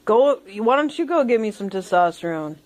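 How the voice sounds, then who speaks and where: Brief: young adult, mid-pitched, pleading and insistent in a family argument. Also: very animated, moderate pace. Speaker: adult child arguing with a parent.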